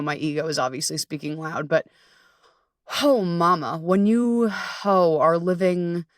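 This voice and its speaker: A woman hosting a podcast, talking candidly and casually, swearing freely and laughing at herself, sometimes jumping into high voices for her inner thoughts. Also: dry recording, clean studio sound, distant mic. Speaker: podcast host. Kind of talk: casual confessional monologue.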